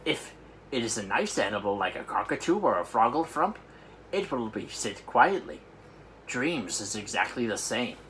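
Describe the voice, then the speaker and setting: A man voicing a huge, excitable old giant who mangles his grammar and invents words, with loud outbursts. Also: medium pitch, moderate pace, a little hiss or hum. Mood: explaining.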